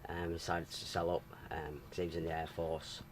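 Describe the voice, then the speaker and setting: A man's voice: low voice, little pitch movement, a little hiss or hum. A man of forty who lives on his canal boat, talking plainly and casually in an interview. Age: 40s. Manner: plain, unhurried talk with ums.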